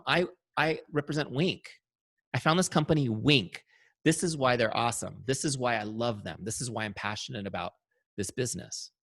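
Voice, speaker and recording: A man teaching an online sales training, coaching energetically and walking through software on screen. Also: medium pitch, no echo, clean studio sound.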